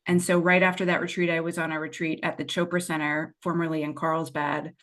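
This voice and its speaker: Woman guest on a podcast, kinda low voice, chatty and open, rambles through her story and acts out her own lines. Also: brisk. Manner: expressive, digressive storyteller who acts out her past self. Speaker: podcast guest, money mindset and tapping coach. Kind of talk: candid conversational storytelling.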